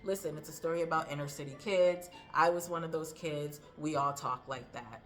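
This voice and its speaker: A woman voicing a bedridden male novelist who calmly tries to reason with his captor. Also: deep voice, normal speed, soft background music. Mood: placating. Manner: reasoning, placating.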